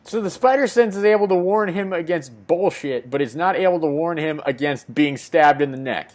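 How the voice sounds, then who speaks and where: Man, podcast co-host, sarcastic interjections, casual banter, high voice. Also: animated, normal speed, darkish tone.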